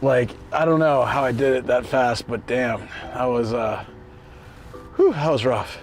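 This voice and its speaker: A man's voice: medium pitch, measured pace, faint music behind. A man chatting casually with his viewers during a live stream, reading their messages and answering them as he goes. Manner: chatty, talks to viewers and reads chat. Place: outdoors on a bike ride.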